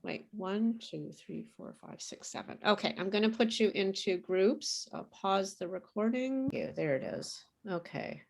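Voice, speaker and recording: A woman teaching English pronunciation in an online class, saying words clearly and patiently for students to repeat. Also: mid-range voice, a little slow, few pauses.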